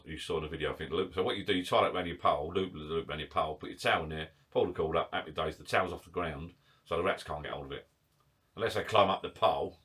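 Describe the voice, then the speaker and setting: Husky, breathless man rambling. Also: deep voice, a bit bright. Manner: chatty, self-mocking, swears casually. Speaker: vlogger. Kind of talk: casual rambling chat to camera. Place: garden shed bar.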